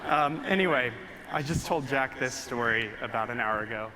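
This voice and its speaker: A man's voice: medium pitch, normal speed, hardly any pauses, bright, forceful tone, a little hiss or hum. A man giving an emotional, earnest talk on stage before an audience, telling a story through a stage microphone.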